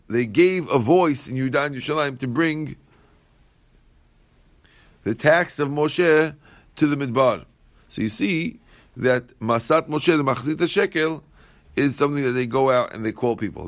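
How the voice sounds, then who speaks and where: A man teaching a Talmud class in a dry, close recording. He reads each Aramaic line and then explains it in plain English, and he often repeats phrases as he works through the text. His pitch sits in an ordinary middle range. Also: no room sound.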